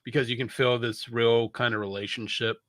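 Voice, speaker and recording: A man's voice: medium pitch, level tone, a little fast, fairly bright tone, no echo, studio quality. A man co-hosting a podcast, chatting casually with frequent stammered restarts and casual swearing. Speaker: podcast co-host. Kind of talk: casual review chat.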